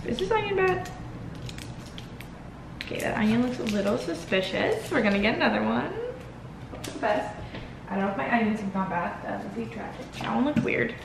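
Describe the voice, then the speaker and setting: Indoors at home, in her kitchen and a small room, a young woman in her twenties vlogs casually to camera, giggling and poking fun at herself. Her mid-range voice has a creaky quality, and the audio from her home camera is noisy.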